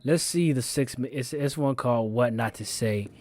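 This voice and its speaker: A man hosting a live stream, setting up and commenting on videos in a relaxed, casual way. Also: medium pitch, moderate pace. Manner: laughing, amused asides.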